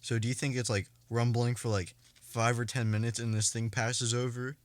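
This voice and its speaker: A young American man chatting on a casual podcast, dropping offbeat deadpan asides. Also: medium pitch, moderate pace, dry recording. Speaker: podcast co-host.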